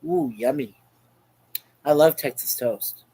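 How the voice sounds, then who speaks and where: A man's voice: a little high, slow, vocal fry, mellow, poor audio. Man, webcam livestream host, casual chat, rambling, chuckling, repetitive. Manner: rambling, chuckling, repeats himself.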